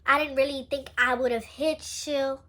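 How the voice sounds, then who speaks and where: A woman's voice: high-pitched, fairly even intonation, normal speed, bright, forceful tone, pitched above the performer's own voice. A woman putting on a meek apologetic teacher. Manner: meek, hesitant, pleading. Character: nervous apologetic female teacher.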